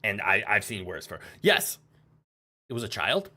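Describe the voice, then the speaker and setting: A woman's voice: a bass voice, big pitch swings, a little slow, bright, forceful tone, breathy edge. A woman streamer giving casual, playful commentary while playing a game, laughing often and swearing when things go wrong. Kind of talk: casual let's-play commentary.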